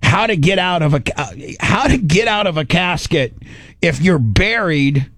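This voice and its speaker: A man's voice: on the high side, normal speed, no room sound. A middle-aged man hosting a radio show, telling a story in casual chat and acting out his own inner voice. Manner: animated, acts out his inner voice.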